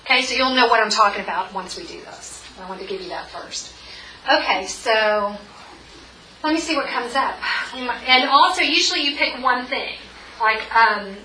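Bright-voiced woman in her forties leading a group. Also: a little high, animated, moderate pace. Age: 40s. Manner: chatty and encouraging, with many fillers. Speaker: workshop leader. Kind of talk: guided group tapping session. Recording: echoey room, mic far off, faint noise.

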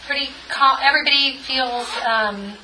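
A woman in her forties guides a group through a tapping session in a chatty, encouraging way, her voice crisp and bright. She is heard from some distance in an echoey room with faint noise behind. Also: high-pitched, moderate pace. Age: 40s. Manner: chatty and encouraging, with many fillers. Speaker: workshop leader.

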